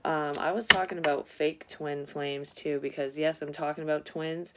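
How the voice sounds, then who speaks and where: A woman's voice: low voice, fairly even intonation, moderate pace, sharp tone. A woman psychic reading tarot cards in a casual vlog, talking bluntly and rambling with a lot of swearing.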